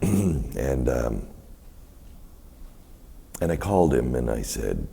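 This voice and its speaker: A middle-aged guest at a university event tells a rambling story onstage in a very deep, gravelly voice, taking it slowly. He's animated, his pitch swinging widely as he quotes others in many voices before the audience. Faint hiss lies under the room sound.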